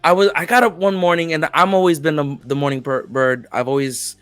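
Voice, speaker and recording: A man with a somewhat high voice chats loosely on a podcast, stumbling through his sentences and laughing along the way. The sound is dry and close, with faint music underneath. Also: steady tone, brisk, fairly bright tone, clean tone, no echo. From grew up in Florida. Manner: rambling, laughing, restarts mid-sentence. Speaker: podcast co-host. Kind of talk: casual storytelling chat.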